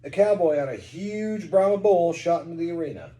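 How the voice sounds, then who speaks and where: A man's voice: a little high, lively intonation, brisk, mellow, roomy sound, low-quality recording. A man from Kentucky, a parent reading a storybook aloud to a child at home, with chatty asides.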